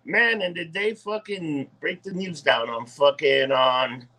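A man's voice: a little high, unhurried, pushed and bright. A man co-hosting a casual podcast, talking loosely and profanely, often stumbling over words. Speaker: podcast co-host. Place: dim indoor room.

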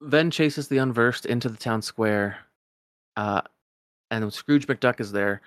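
A man's voice: medium pitch, a little fast, a bit bright, dry recording, clean studio sound. A man casually retelling a game's story, rambling and correcting himself as he goes.

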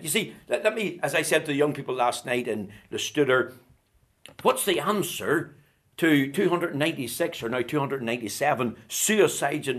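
A man preaching a sermon, building rhetorical questions and swinging from loud declarations to hushed tones. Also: a little high.

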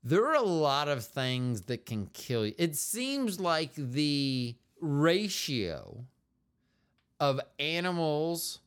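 A man from the United States co-hosting a relaxed couple's podcast. His voice is smooth and resonant, and his pitch rises and falls with a lively, animated bounce. He rambles freely, restarting and trailing off mid-thought. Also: slow pace. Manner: rambling, meandering, trails off often. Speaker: podcast co-host. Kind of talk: casual chat.

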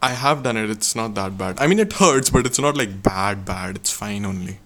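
A young man from India with a fairly low voice tells a childhood story on a casual podcast. He rambles, pausing often to check in with "okay?" after his sentences. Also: lively intonation, a bit bright, slight background noise. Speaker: podcast co-host. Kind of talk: casual chat.

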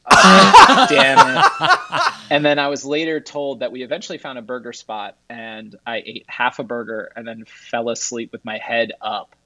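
A man's voice: medium pitch, fairly even intonation, moderate pace, hardly any pauses, a bit bright, slight background noise, poor audio. A man telling rambling stories in a casual podcast chat as a guest, laughing at his own tales.

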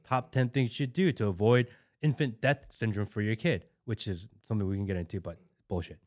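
A man's voice: on the low side, brisk, darkish tone. A man speaking as a guest on a casual podcast, talking bluntly and emphatically as a new father, repeating key words for force.

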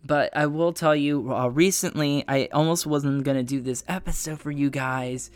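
A man's voice: fairly high pitch, normal speed, clean tone, no echo, studio quality. Congested man rambling casually. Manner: rambling, frequent restarts. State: congested, nasal from flu. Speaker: podcast host. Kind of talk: casual personal update.

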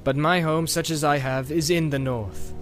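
A man's voice: fairly even intonation, music in the background, close to an everyday voice. A man voicing a weathered, solemn ranger in a read-aloud story. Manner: low, measured, solemn. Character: weathered grave ranger man, calm heir.

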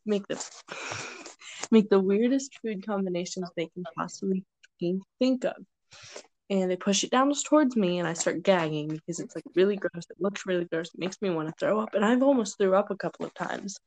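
A young woman telling rambling stories in casual chat, often breaking into loud impressions of her friends. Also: mid-range voice, moderate pace, a little hiss or hum, low-quality recording. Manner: chatty storytelling, rambling with fillers; shouts playful impressions of friends.

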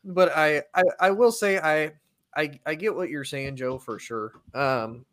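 A man's voice: fairly high pitch, unhurried, a bit bright. Rambling easygoing man talking sports. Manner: rambling, frequent fillers and restarts, easygoing. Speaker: sports talk co-host. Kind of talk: casual sports debate.

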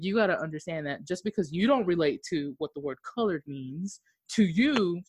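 Blunt, swearing woman co-host from Okinawa, Japan, casual podcast chat, mid-pitched voice. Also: slight background noise. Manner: blunt, swears freely, laughs often.

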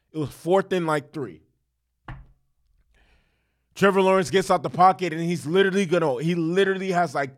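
A young man with a slightly high voice talks through a football game in a casual recap. He gets heated and profane, restarting sentences and piling on fillers as he vents. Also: a bit bright. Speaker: sports commentator, football fan. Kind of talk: casual sports recap and rant.

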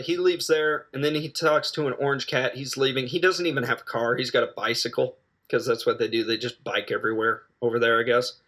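A man casually recapping a film he watched, rambling and joking with quick asides and self-corrections. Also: medium pitch, pushed and bright. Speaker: film reviewer.

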